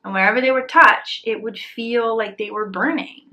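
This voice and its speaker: A woman's voice: a little high, moderate pace, low-quality recording. Breathless twenty-something woman vlogging from bed. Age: 20s. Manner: chatty, candid, drops into soft whispers. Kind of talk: casual health vlog. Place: bedroom in an apartment.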